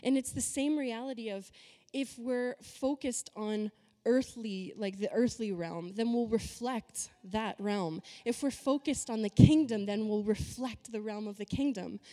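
A woman's voice: a little high, a little slow, warm tone. Woman preaching in a reverberant hall. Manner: conversational, emphatic preaching with rhetorical questions. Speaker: pastor. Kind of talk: sermon.

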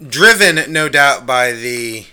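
A man's voice: mid-range voice, lively intonation, slow pace, bright, forceful tone. A man co-hosting a music review podcast, chatting casually with fillers and asides. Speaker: podcast co-host.

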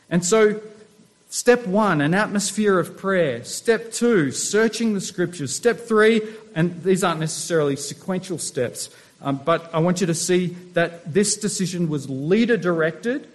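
A middle-aged man, a pastor, preaching a sermon and asking his listeners questions as he teaches. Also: high voice. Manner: asks the congregation rhetorical questions.

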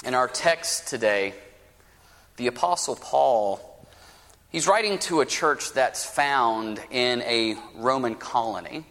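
A man preaching a sermon as pastor, with a lively storytelling manner and folksy asides. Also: medium pitch, takes it slowly. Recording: preached in a reverberant hall.

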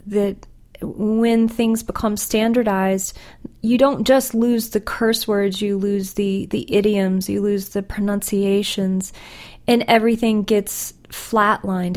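Slow, deliberate woman poet. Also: medium pitch, darkish tone. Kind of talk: reading her own poetry.

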